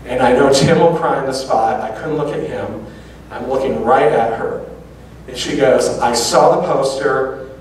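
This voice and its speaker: A male lecturer spins a personal anecdote, acting out each person's lines as they come up. He sits at an ordinary middle pitch. The voice reaches us from a distance, wrapped in heavy hall reverb with faint noise underneath. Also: a little slow. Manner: animated anecdotes with quoted dialogue. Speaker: public speaker. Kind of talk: storytelling lecture. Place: large auditorium. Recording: very echoey hall from far off.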